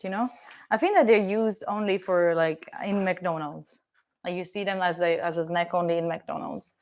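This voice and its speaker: A woman's voice: fairly low pitch, steady tone, normal speed. A young woman with an Italian accent, chatting casually and playfully with her live-stream viewers while she cooks at home, swearing now and then. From Italy. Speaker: livestreamer. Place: home kitchen with door open.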